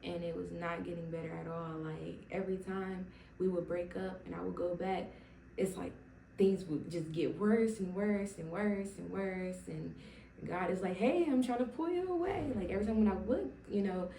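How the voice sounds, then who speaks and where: A woman's voice: fairly low pitch, steady tone, normal speed, vocal fry, warm tone, distant mic, a little hiss or hum. A young woman telling her personal faith testimony to camera, emotional and rambling, with many fillers and restarts. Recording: roomy sound from away from the mic.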